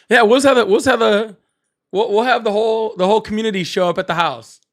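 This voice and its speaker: A man's voice: high-pitched, fast. A man hosting a casual livestream, rambling, repeating himself and laughing often. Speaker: livestream host.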